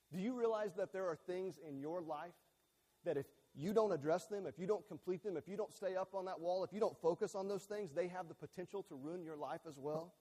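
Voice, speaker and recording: A male pastor delivers a sermon in a fairly high voice that rings out with a long reverb, as in a large sanctuary. He is earnest and emphatic. He repeats his key phrases, doubles words and restarts them as he presses his point. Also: dark tone. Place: church sanctuary with a screen behind him.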